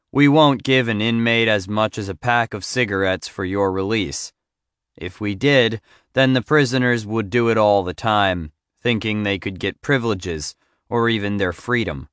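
A man voicing a bored, cold male prison guard in an audiobook, speaking in a flat, matter-of-fact way. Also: lowish voice, clear, resonant tone, dry recording, clean studio sound.

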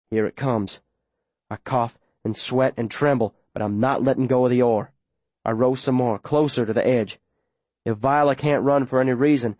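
A man's voice: medium pitch, darkish tone, no room sound. A man reading a first-person audiobook in an urgent, breathless, tense way. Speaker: audiobook narrator.

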